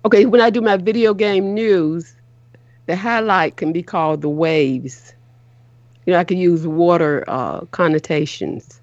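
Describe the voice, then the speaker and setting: A woman's voice: fairly low pitch, measured pace, a little mellow, dry recording, lo-fi sound. A middle-aged woman hosting a show, chatting casually in an earnest way that is full of restarts and repeats. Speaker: show host. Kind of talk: casual chat on a call-in show.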